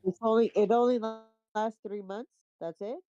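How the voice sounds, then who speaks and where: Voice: mid-range voice, steady tone, a little slow, warm tone, no room sound, muffled recording, soft background music. A person from the United States chatting casually as a guest on a call, talking in long runs. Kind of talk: casual chat.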